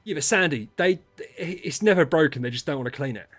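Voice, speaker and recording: A man streaming casual chat with viewers, ranting and swearing, dropping to mutters and then rising to loud outbursts. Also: a little high, lively intonation, a little fast, faint music behind.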